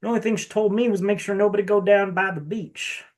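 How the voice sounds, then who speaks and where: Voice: medium pitch, lively intonation, unhurried, pitched above the performer's own voice. A game master voicing a nervous, overwhelmed male cleric who stammers and drawls in a put-on accent. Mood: weary, frightened. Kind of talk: tabletop game role-play.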